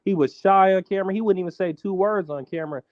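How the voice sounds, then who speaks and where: A man talks quickly and casually in a barbershop debate, full of "bro" and "like". His voice is a bit high, and the recording is dry and slightly dull. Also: no room sound. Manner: fast, conversational, peppered with "bro" and "like". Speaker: barbershop panelist.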